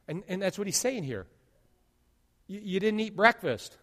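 Male pastor, fiery sermon, rises and drops in volume, slightly high voice, long hall echo. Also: very animated, normal speed, pauses often. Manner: dynamic preaching, swings between loud and hushed.

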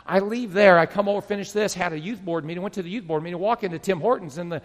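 A middle-aged male pastor telling stories in a sermon, animated and excited, often restarting his sentences. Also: high-pitched, fast talker. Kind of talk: storytelling sermon. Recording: long reverb of a large hall.

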